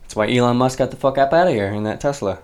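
A man co-hosting a podcast, chatting casually and reading out news in a flat, deadpan way. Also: mid-range voice, fast talker, slight background noise. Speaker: podcast co-host.

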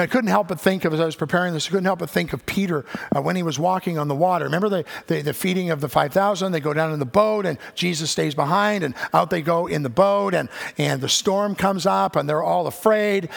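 A man's voice: fairly high pitch, gravelly. An older man preaching a sermon, telling stories and acting out the voices of the people he quotes. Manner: animated storytelling, acts out quoted voices. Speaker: pastor. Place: church sanctuary. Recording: church hall with long reverb.

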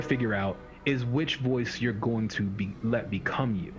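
A man's voice: lowish voice, measured pace, music in the background. A man talking as a fitness coach in a casual podcast chat, rambling and acting out the inner voices of his clients. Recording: dull lo-fi sound with faint hiss.

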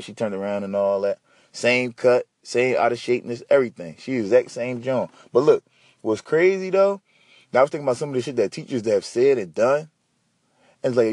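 Man, podcast host, husky voice, dry close mic, slangy animated rambling. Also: medium pitch, no echo. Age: adult. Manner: profane, animated, slangy storytelling. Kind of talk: casual solo podcast rant.

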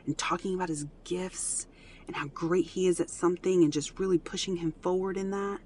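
A mother earnestly telling a personal family story in a casual, animated way, full of fillers. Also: on the low side, brisk, slight background noise.

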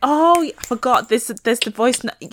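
A woman's voice: a little high, brisk. Chatty woman co-hosting over video call. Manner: chatty, animated storytelling with put-on voices. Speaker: podcast co-host. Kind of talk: casual chat. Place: home.

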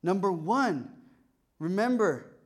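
Young male preacher, lively storyteller, voice on the higher side. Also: takes it slowly. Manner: animated storytelling, acting out voices. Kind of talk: sermon with personal story.

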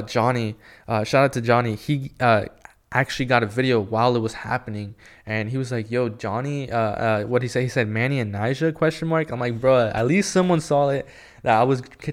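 A young man telling a story in a casual, excited, rambling way, full of filler words. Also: medium pitch. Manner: excited, rambling, heavy use of "like" and "yo". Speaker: skateboarding fan telling a story.

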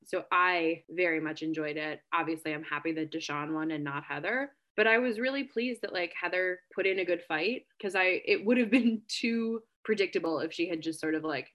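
A woman with a somewhat low voice hosts a casual group chat. She talks in a relaxed, measured way and hands the floor to the others. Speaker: podcast host.

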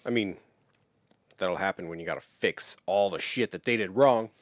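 Low-voiced man chiming in casually. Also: moderate pace, no room sound, studio quality. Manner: brief encouraging interjections. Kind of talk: casual chat.

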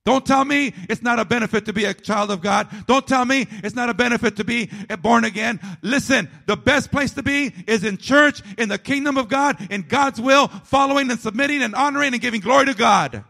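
A man preaching a sermon, emphatic and repetitive, dropping to a low, quiet delivery at times. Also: fairly quick, vocal fry, few pauses.

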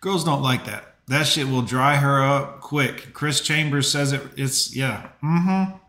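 A man's voice: mid-range voice, slow, pushed and bright. Podcast co-host, chatty man, asides, roomy echo on the mic. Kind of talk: casual chat.

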